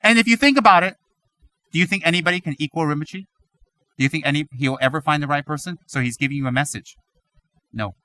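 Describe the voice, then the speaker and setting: A man giving a Buddhist teaching, animated and full of rhetorical questions, now and then mimicking other people's voices. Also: fairly high pitch, fast talker, long pauses, dry recording. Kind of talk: dharma talk.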